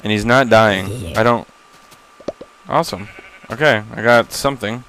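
A man's voice: mid-range voice, a little slow, a bit bright, a little hiss or hum, low-quality recording. A young man giving casual, rambling commentary on a game he is playing for the first time, self-deprecating and easily startled, swearing when surprised. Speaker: gamer recording a first-time playthrough. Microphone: laptop setup.

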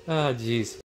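A man's voice: mid-range voice, heavy background noise. A man chatting casually while playing a video game with a friend, joking and teasing in a playful way. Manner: playful, jokey, mock-regal bits. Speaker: gamer. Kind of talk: casual gaming chat.

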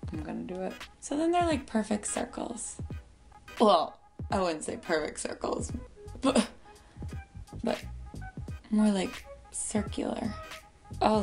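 A woman's voice: mid-range voice, vocal fry, darkish tone. A woman doing a casual makeup tutorial. She talks in a playful, silly way to her pet bird and makes self-mocking asides. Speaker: beauty vlogger.

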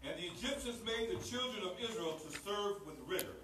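A man reading scripture aloud during a service, in a plain, steady way. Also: high voice, fairly quick, recorded from a distance, slight background noise. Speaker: scripture reader. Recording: roomy church recording from afar.

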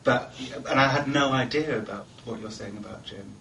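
A man's voice: medium pitch, moderate pace, pushed and bright. A man interviewing someone, asking questions in a hesitant, puzzled way. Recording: distant mic with noise.

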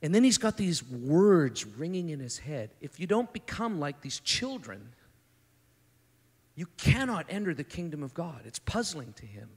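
A fairly high-voiced man preaches at a conference, his voice carrying a long hall reverb. He talks in a loose, conversational way, stumbles and restarts often, and slips into the voices of the people in the story he tells. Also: unhurried, breathy edge. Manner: animated, acts out the speakers in the story. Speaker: conference speaker. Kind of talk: sermon.

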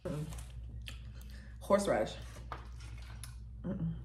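A woman's voice: deep voice, expressive, extremely slow, a little mellow. A young woman vlogger chatting casually through a mukbang food review. She talks between bites and hums while she tastes. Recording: roomy echo.

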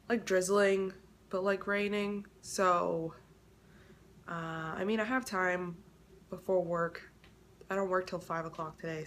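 A woman's voice: fairly low pitch, a little hiss or hum. Chatty young woman vlogging. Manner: chatty, lots of "like" fillers. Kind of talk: casual vlog chat.

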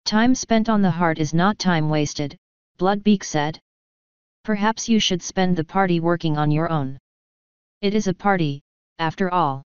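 A woman reading a fanfiction story aloud in an even, measured way, giving every character the same plain voice. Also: fairly low pitch, clean tone, no room sound. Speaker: fanfiction reader. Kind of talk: audiobook-style story narration. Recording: dull, slightly lo-fi sound, dry close mic.

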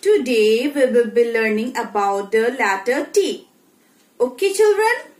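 A woman teacher giving a slow phonics lesson to young children, often checking in with "okay?" as she goes. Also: a little high, animated, darkish tone. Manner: slow, sing-song, repeats and checks with "okay?". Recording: very echoey room.

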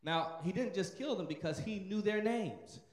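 Emphatic high-voiced male preacher. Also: expressive, normal speed. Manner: emphatic, calls out to the congregation. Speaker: pastor. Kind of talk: sermon. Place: church sanctuary. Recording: echoey church hall.

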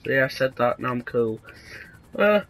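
A young man with a sarcastic, deadpan manner, casually commentating a video game and breaking into sudden excited yelps. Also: mid-range voice, a little slow, rough recording. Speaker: gaming video host.

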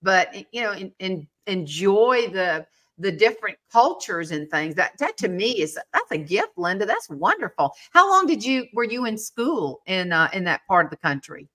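A woman hosting a casual interview, lively and quick to exclaim. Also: medium pitch. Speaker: host.

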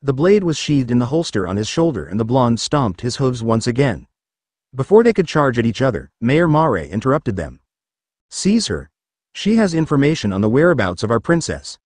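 A man narrating a fan story, his voice swinging lively up and down as he reads. His pitch sits in an ordinary middle range. The recording is dry and close, with no room sound. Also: no room sound. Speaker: story reader.

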